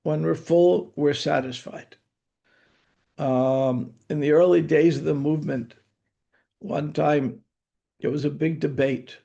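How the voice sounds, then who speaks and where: Older man, gravelly lecture voice. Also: a little high, fairly even intonation, slow pace, pauses often, warm tone, highs cut off. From United States. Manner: conversational, anecdotal storytelling with dry humor. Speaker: spiritual teacher giving scripture class. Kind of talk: scripture lecture.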